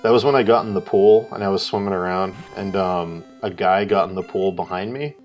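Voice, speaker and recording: A man's voice: low voice, steady tone, fairly quick, soft background music. A man co-hosting a live art stream, telling a rambling story in casual chat, swearing and acting out what people said. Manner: rambling, swears, acts out quotes loudly.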